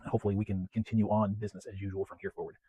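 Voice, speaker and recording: A man hosting his weekly home-media vlog in a chatty, self-deprecating way, often clearing his throat. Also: on the low side, little pitch movement, racing, dark tone, dry recording, highs cut off. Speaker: home media collector vlogger. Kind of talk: casual rambling vlog. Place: home, West Coast of the US.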